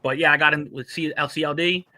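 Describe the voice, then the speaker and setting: Man, mid pitch, very bright sharp tone, slangy podcast host, laid-back. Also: fairly even intonation, fast talker. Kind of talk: casual sports talk.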